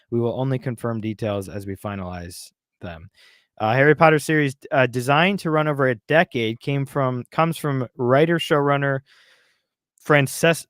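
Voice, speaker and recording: A man's voice: medium pitch, no room sound. Ranting man on a dry podcast mic. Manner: heated, ranting, exasperated. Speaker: podcast co-host. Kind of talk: casual podcast commentary.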